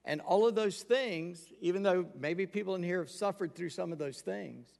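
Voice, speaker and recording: A man's voice: high-pitched, moderate pace, vocal fry, a little mellow. A man preaching a sermon from the pulpit, candid and emphatic. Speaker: pastor. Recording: long hall reverb.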